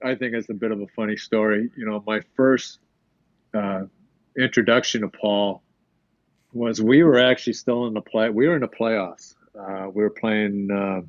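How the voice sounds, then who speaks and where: An older man, once a hockey player, appears as a podcast guest, telling rambling stories and acting out quoted dialogue. His lowish voice is steady and moderately paced, on a dry, lo-fi recording.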